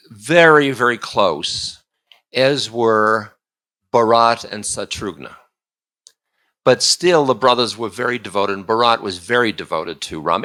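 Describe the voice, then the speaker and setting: A man's voice: medium pitch, bright, forceful tone. A man telling a bedtime story casually, with chatty asides to his listeners.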